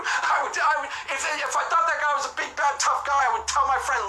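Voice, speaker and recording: Casting: rapid-fire male vlogger, emphatic and repetitive, echoey room with faint music. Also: very high voice, sharp tone. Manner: emphatic, repetitive, keeps swearing to God. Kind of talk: casual rambling monologue.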